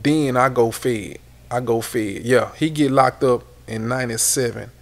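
Gravelly-voiced man telling stories. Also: medium pitch, unhurried. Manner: loose and animated, repeats words. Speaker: guest. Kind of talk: casual storytelling interview.

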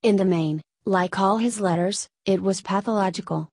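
Brief: female storyteller, measured read, mid pitch, dry close sound. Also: a little mellow, slightly rough, no echo. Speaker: narrator. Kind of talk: scripted narration.

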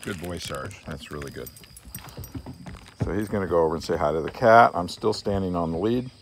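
A man, a dog trainer, calmly explaining a training session and breaking into coaxing calls to his dog. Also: low voice, fairly quick, a little hiss or hum.

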